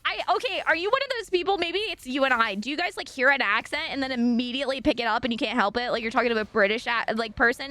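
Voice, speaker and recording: A woman from Washington State talks with a mild Washington accent on a casual gaming stream. She rambles chattily and throws quick asides to her chat. Her voice sits high, with a bright, sharp tone. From Washington State, USA. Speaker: live streamer.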